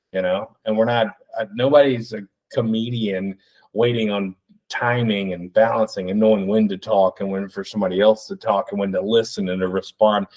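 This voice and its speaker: A man in his thirties hosting a solo podcast, rambling and excitable with plenty of swearing. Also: fairly low pitch. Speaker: podcast host.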